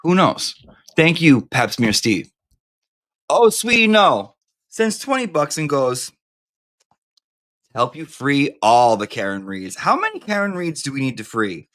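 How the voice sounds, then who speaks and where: A man's voice: on the high side, very animated, measured pace, long pauses, fairly bright tone. Campy, profane man hosting a live stream. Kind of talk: casual live-stream chat.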